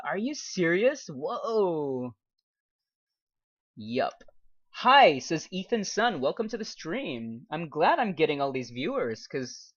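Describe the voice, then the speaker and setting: A young man with a fairly high, fairly bright voice chats casually while gaming on a live stream, frequently laughing as he reads viewer comments aloud. He's an American who streams games and teaches English, and the recording is dull lo-fi stream audio.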